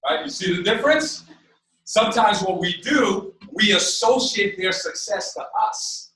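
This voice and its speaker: A man giving a live sales training seminar, energetic, checking in with his audience and acting out conversations. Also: high-pitched, measured pace. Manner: acts out dialogue with quoted voices. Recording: echoey room, mic far off.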